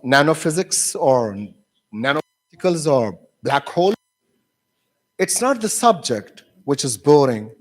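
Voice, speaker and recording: A man lecturing university teachers, telling classroom stories with many fillers and restarts and acting out his students' voices. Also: a little high. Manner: acts out students' voices when quoting.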